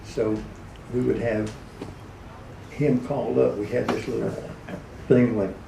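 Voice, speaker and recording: A man's voice: mid-range voice, little pitch movement, a little slow, gravelly, noisy background. A man telling folksy, chuckling stories at a live event and slipping into character voices now and then. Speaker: radio personality telling stories. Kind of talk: anecdotal storytelling at a live event. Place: event hall. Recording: echoey room, recorded from far off.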